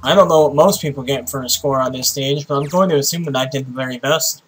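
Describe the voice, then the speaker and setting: A tired young man giving casual, profane commentary while playing a game, with sudden excited outbursts. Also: medium pitch, fast talker, husky, low-quality recording. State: tired, sleepy voice. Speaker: let's play host.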